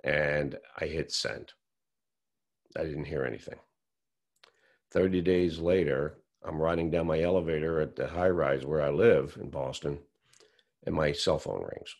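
A man telling a long personal story in an interview, animated and acting out what others said. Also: a bass voice, a little slow, pauses often. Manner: animated storyteller who acts out quotes. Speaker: whistleblower telling his story.

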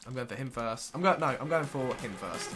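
A young man, ill with a cold, quietly muttering commentary to himself as he plays a video game. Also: medium pitch, animated, fairly quick, loud music behind the voice. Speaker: gaming video host. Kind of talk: casual gameplay commentary.

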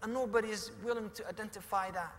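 A man's voice: high-pitched, steady tone, fast talker, a bit bright, a little hiss or hum. A man preaching a sermon, retelling a story dramatically and mixing in Arabic phrases. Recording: echoey hall.

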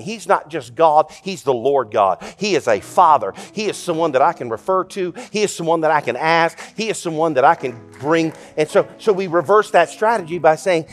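A man preaching a sermon as pastor, telling a folksy joke story and speaking in a lively, conversational way. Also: on the high side, a little fast, faint music behind. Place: church sanctuary.

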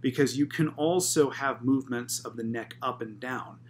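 A man's voice: mid-range voice, moderate pace, slight background noise. Methodical man explaining anatomy. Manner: methodical, asks rhetorical questions then answers, frequent "okay?" check-ins. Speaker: physical therapist lecturer.

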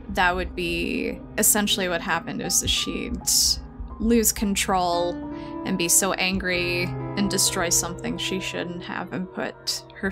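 Slow, thoughtful woman player. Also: lowish voice. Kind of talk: describing a character in a tabletop game.

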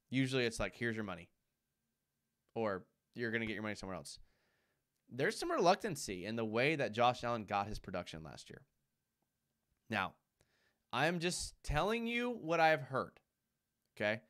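A man's voice: lowish voice, a bit bright, clean tone. A man hosting a live sports talk show, arguing emphatically with rhetorical questions and repeated points, and reading out viewer comments. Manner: reads viewer comments aloud.

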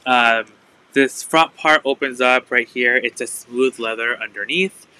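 A man's voice: mid-range voice, measured pace, bright, forceful tone, a little hiss or hum, poor audio. A man hosting a live resale stream, chatting casually and filling his talk with "like". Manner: chatty, full of "like" fillers. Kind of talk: casual live sales chat.

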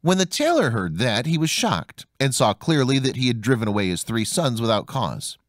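A man narrating a fairy tale audiobook in an expressive storytelling manner. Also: medium pitch, moderate pace, no room sound, studio quality. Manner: expressive storytelling, voicing each character.

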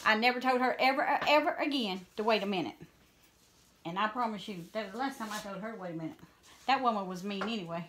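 Bright-voiced woman telling stories. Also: mid-range voice, quick pace, a little hiss or hum. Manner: folksy, emphatic storyteller. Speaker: guest, cousin. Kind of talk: casual storytelling chat.

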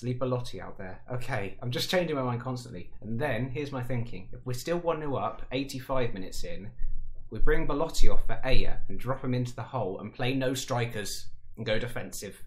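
A man giving casual, excitable commentary over a football management game, talking to himself and panicking aloud. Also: medium pitch. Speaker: gaming YouTuber.

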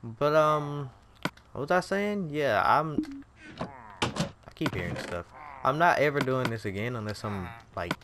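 A man's voice: medium pitch, big pitch swings, unhurried, pauses often, noisy background. A man giving casual commentary over his own gameplay, jumpy and exclaiming, talking straight to the game. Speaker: gaming video creator. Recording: game music playing behind voice.

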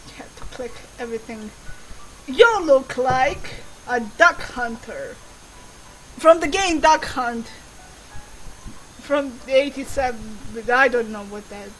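A woman's voice: sits high, expressive, slow pace, pauses often, fairly bright tone, rough recording. A woman commentating her gameplay in casual chat, giggling, swearing and exclaiming at the game. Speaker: gaming channel host. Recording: faint background music.

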